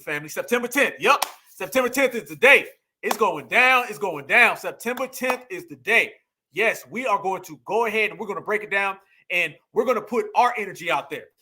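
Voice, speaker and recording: Man, emphatic preachy host, repeats lines for punch, high bright voice. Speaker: political commentary host. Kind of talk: fired-up political monologue.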